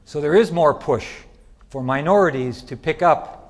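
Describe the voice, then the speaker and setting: Lively middle-aged male lecturer. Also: fairly high pitch, moderate pace. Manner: lively, chatty, asks the audience questions. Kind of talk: conference lecture. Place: lecture hall.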